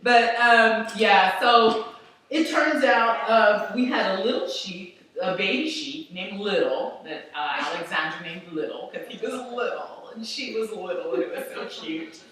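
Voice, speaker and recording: A lively middle-aged woman from Philadelphia tells a personal story, laughing often. Her voice is bright and clear-edged. The mic sits far from her in a very echoey room. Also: mid-range voice, a little slow. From Philadelphia, USA. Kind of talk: live storytelling.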